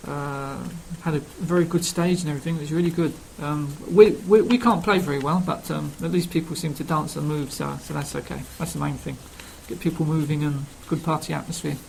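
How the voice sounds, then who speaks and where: A man's voice: on the high side, steady tone, brisk, vocal fry, hardly any pauses, a little hiss or hum, rough recording. A man with a Cockney London accent introducing himself casually, rambling with many ums and uhs. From England. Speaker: language learning speaker.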